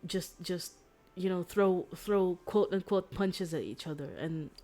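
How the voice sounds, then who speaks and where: A young woman chats on her stream from a home setup, her voice sitting a little low for a woman. She rambles through a story, tripping over her words and giggling often. The sound is close and plain, like a desk microphone. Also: measured pace. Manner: rambling, full of "like" and restarts; giggly, excitable. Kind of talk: casual chat retelling a story.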